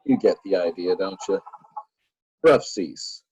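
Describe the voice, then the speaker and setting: A man's voice: low-pitched, slow pace, darkish tone, breathy edge, dull audio. A man teaching a church Bible lesson in a playful way, full of jokey asides to his listeners.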